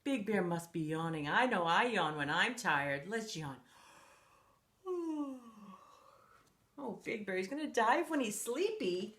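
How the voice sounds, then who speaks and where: Lively, unhurried woman reading to kids. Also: medium pitch. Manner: playful, asks young listeners questions. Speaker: children's story reader. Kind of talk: reading a picture book aloud to kids. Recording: roomy echo.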